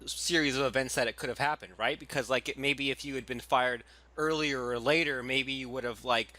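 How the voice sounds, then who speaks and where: A man's voice: mid-range voice, fairly quick, no echo. A man hosting a podcast, chatting casually with his guest and thinking aloud as he reflects on her story. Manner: relaxed, thinks aloud with many restarts and fillers. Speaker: podcast host. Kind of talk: casual interview chat.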